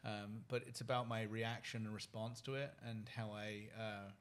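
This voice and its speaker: A British man in his forties, a podcast guest speaking in an earnest, soft-spoken and reflective way. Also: on the low side, steady tone, moderate pace. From United Kingdom. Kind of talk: reflective interview conversation.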